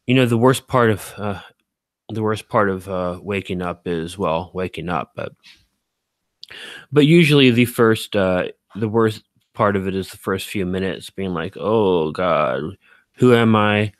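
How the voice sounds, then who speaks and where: A man's voice: sits low, unhurried, dry recording. A man chatting casually on a live stream, reading out viewer comments, rambling with lots of fillers and self-corrections and poking fun at himself.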